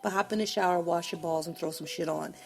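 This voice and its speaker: A woman's voice: fairly low pitch, fairly even intonation, fast, gravelly, faint music behind. A woman hosting a casual solo podcast, blunt and profane, laughing often, a bit congested. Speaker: podcast host.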